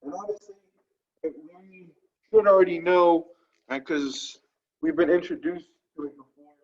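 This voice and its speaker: A male language teacher, lecturing to a class. He talks slowly and keeps asking "right?" to make sure the point lands. His voice sits a little high, and the recording sounds dull and lo-fi. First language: French. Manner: explains slowly, checks in with "right?" after each point. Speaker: French teacher.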